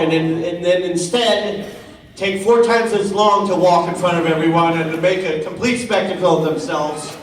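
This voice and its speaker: Wisecracking man, sarcastic teasing, slightly high voice, booming hall echo. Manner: sarcastic, teasing, profane riffing. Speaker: comedic voice actor on a convention panel. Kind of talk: improvised audience banter. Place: large convention hall. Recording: echoey hall, distant mic, noisy.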